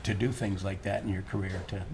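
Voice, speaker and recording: Low, flat-voiced older man. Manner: rambling, halting, restarts often. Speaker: painter and gallery owner. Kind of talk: casual interview chat. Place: art gallery during a live event.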